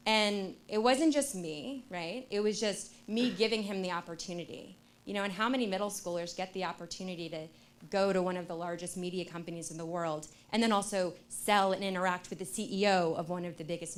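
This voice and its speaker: A young adult woman giving a talk to an audience, telling a story with lively acted-out dialogue and frequent fillers like "you know" and "like". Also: fairly low pitch. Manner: animated, acts out quoted dialogue, many fillers like "you know" and "like". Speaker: speaker.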